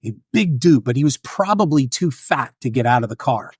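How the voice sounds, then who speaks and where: Male guest, animated storyteller, acts out voices, dry close mic. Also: mid-range voice, normal speed, husky, no echo. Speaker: guest filmmaker and author. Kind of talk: casual storytelling.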